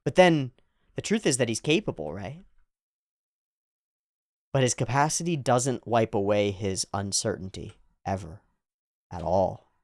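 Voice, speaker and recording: A man's voice: fairly low pitch, gravelly, a little mellow, no echo, clean studio sound. A man giving casual, enthusiastic anime reaction commentary, chuckling often as he talks.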